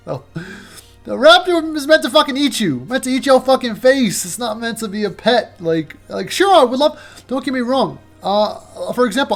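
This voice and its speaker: Male movie reviewer, casual rambling rant, profane and sarcastic, slightly higher pitch.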